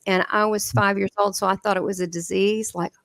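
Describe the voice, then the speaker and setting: In an interview, a guest medium from the southern United States tells stories with a Southern drawl, laughing often and acting out the dialogue. Her middling-pitched voice has some vocal fry and moves fairly quickly. The recording is close and dry, with no room sound.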